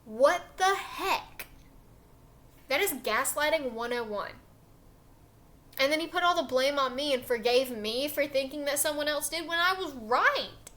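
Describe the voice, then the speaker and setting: A woman's voice: sits high, animated, moderate pace, pushed and bright. A young woman casually telling a personal story in a chatty, emotional way with lots of fillers.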